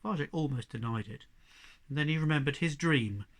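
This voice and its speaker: A man reading a children's novel aloud as narrator, measured and expressive. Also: on the high side. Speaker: audiobook narrator. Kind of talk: storybook narration.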